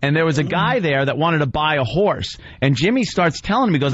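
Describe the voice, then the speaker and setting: A man's voice: a little high, expressive, brisk, hardly any pauses, fairly bright tone, breathy edge, no room sound. A man hosting a radio talk show, telling a long story animatedly, acting out voices and laughing along the way. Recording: dry, slightly dull radio studio sound.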